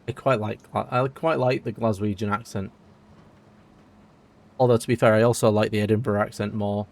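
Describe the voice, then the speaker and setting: A man from the UK chats through a live game stream in a relaxed, rambling way. He talks straight to his viewers, answering them between moves in an easy, conversational voice. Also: on the low side, moderate pace. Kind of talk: casual live-stream chat while playing.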